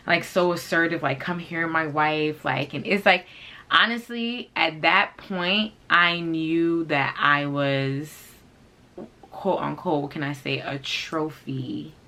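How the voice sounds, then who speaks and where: Low gravelly woman telling a storytime. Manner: blunt, profane, animated, heavy use of "like". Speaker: fashion channel vlogger. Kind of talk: casual storytime monologue.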